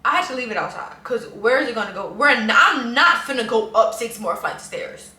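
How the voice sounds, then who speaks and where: A woman's voice: on the high side, fairly quick. A woman, telling a chatty, dramatic story as a vlogger. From New Orleans, USA. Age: 20s. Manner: animated, chatty, dramatic retelling. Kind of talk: casual storytime. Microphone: camera mic. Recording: roomy echo, voice a bit off-mic, faint hum.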